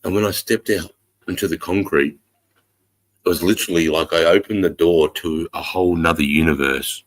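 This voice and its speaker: A middle-aged Australian man hosting a livestream, telling a long story in a rambling, profane, animated way. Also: low-pitched, normal speed. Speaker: livestream host.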